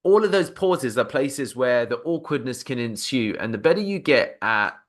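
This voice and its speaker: Energetic man coaching on sales calls. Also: medium pitch, moderate pace. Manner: energetic, acts out sample phone phrases. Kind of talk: instructional talk to camera.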